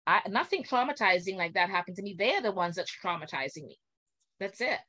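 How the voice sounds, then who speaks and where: A woman's voice: medium pitch, brisk. Older woman telling an indignant story. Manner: animated, indignant storytelling, acting out quotes. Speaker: guest. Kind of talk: video call conversation. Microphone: video call.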